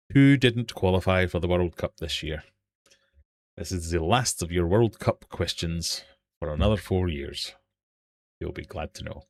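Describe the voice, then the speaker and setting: A man's voice: low-pitched, a little mellow, slight background noise. Playful British man hosting a quiz. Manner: playful and jokey, reading out questions and chat. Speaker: quiz host. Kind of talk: live-stream quiz banter. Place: home fish room.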